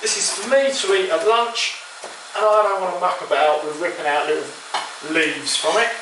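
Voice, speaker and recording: A man's voice: high-pitched, fairly even intonation, normal speed, fairly bright tone, slight background noise. A man hosting a cooking show, chatting casually and explaining each step as he cooks. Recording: roomy kitchen echo, distant mic.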